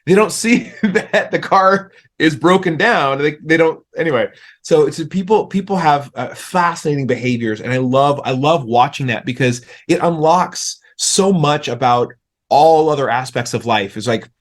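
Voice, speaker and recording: A man guesting on a podcast, telling animated stories in a relaxed conversation, often restarting his sentences. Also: fairly high pitch, normal speed. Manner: animated storyteller, frequent restarts. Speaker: podcast guest, author and speaker. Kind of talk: casual interview conversation.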